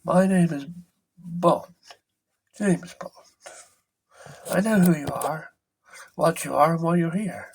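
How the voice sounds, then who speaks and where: Man imitating a suave male spy, teasing, knowing, smooth delivery. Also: a little high, slow, pauses often, darkish tone, voice pushed up, heavily acted. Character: suave male secret agent, cool and teasing.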